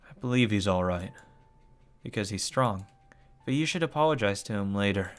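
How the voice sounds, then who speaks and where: A man voicing a calm, stern young man who answers curtly and quietly. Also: on the low side, moderate pace, faint music behind, natural voice.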